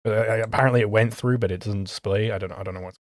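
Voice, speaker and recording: Halting man in dry close sound. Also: fairly low pitch, fairly even intonation, no echo. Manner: halting, many fillers. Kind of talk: casual livestream chat.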